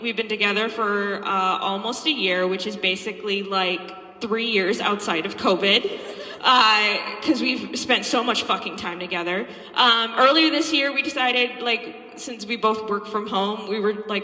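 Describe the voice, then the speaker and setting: A young woman doing a stand-up set, telling stories in an animated, profane way and laughing often. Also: medium pitch, moderate pace. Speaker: stand-up comedian. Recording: echoey hall with long reverb.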